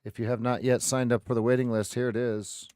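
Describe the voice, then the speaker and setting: A man's voice: medium pitch, little pitch movement, fairly quick, darkish tone, dry recording, studio quality. A man hosting a live trading stream, thinking aloud as he calls price levels and often restarts his sentences. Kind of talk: live market commentary.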